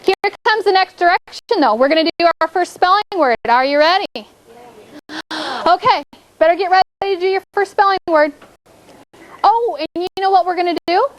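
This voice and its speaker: Woman, elementary teacher, very high voice, encouraging classroom delivery, checks in constantly. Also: moderate pace, a little hiss or hum. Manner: encouraging, checks in with "okay?" often. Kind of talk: classroom spelling lesson.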